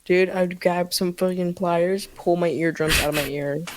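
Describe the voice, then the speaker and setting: A woman's voice: lowish voice, fairly even intonation, moderate pace, noisy background. A woman co-hosting a casual podcast, reacting bluntly and swearing freely. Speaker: podcast co-host. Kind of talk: casual chat.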